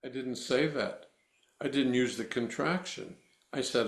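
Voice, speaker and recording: A man working as a voice coach, guiding a breathing exercise with slow, deliberate, instructive cues and then answering interview questions. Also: mid-range voice, reverberant.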